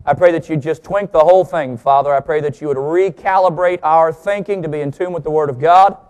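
Joking with his congregation, a preacher delivers a lively sermon. When teaching, he slows his pace, leans on important words and lets his pitch swing to drive points home.

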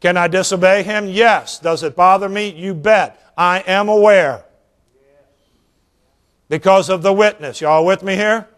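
Evangelist in his fifties, folksy and animated, high voice. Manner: folksy, animated, drawn-out emphasis. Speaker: evangelist preacher. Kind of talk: sermon with storytelling.

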